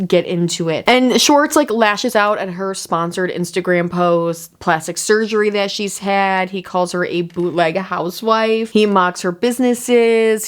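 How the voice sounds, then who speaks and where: A woman's voice: mid-range voice, clean tone. A woman recapping a reality show in a loose, chatty way, full of "like". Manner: chatty, loose, heavy use of "like". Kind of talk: casual recap chat.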